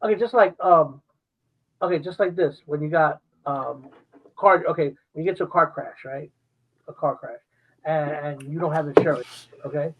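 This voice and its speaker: A man co-hosting a casual podcast chat, halting and stumbling, repeating words as he works out his point. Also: on the high side, husky, phone-quality sound. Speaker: podcast co-host.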